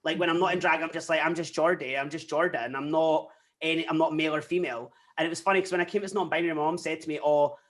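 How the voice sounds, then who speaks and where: Fast-talking candid Scottish guest. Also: male voice, a little high. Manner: candid, animated storytelling with frequent quoted asides. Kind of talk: casual interview chat.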